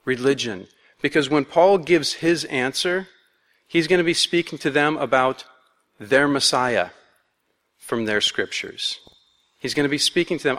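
A man's voice: medium pitch, measured pace, sharp tone. Guy preaching a sermon, casual and jokey, acts out the voices, big reverby hall. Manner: conversational, playful, acts out voices. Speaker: pastor. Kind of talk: expository sermon.

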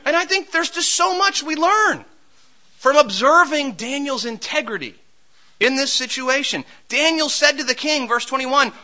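A man's voice: very high-pitched, expressive, normal speed, bright, forceful tone, rough recording. A man preaching a sermon, reading scripture and retelling it expressively, sometimes acting out the figures.

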